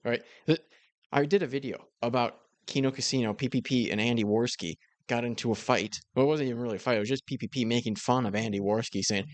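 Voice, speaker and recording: A man's voice: medium pitch, quick pace, no room sound. A man giving casual, mocking commentary on another creator's video. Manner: sarcastic, mocking. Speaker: commentary YouTuber.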